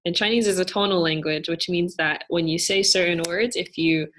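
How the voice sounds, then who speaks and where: A young woman with a somewhat low voice explains things patiently to students. She talks in a careful, casual way and often hedges with fillers. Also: moderate pace, fairly bright tone. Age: young adult. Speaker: student presenter.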